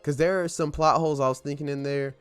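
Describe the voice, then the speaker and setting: A man's voice: fairly high pitch, steady tone, fast talker, smooth, dry recording. A young man hosting a podcast, talking casually in a rambling, joking way and swearing freely. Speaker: podcast host. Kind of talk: casual solo podcast monologue.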